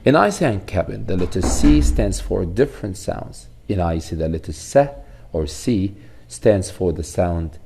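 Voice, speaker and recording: Slow, gravelly deep-voiced male teacher. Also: sing-song, dark tone. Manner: explains slowly, repeats sounds and words. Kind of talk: recorded English phonics lesson.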